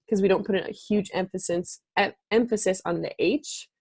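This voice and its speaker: A woman's voice: mid-range voice, a little fast, hardly any pauses, darkish tone, dry recording. A woman from Alberta with a Canadian accent, hosting a casual chat and laughing often. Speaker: podcast host.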